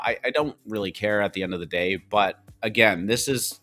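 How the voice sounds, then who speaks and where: A man's voice: fairly low pitch, animated, fairly quick, hardly any pauses, bright, forceful tone, faint music behind. A man with a Canadian accent co-hosting a podcast, talking bluntly in a rambling, casual way full of fillers. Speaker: co-host.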